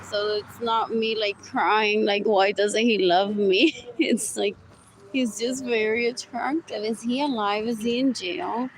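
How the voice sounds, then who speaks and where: A woman's voice: mid-range voice, fairly even intonation, a little slow, low-quality recording. A woman rambling through a live-stream monologue, often repeating herself and laughing between phrases. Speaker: livestream host. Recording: loud street traffic noise.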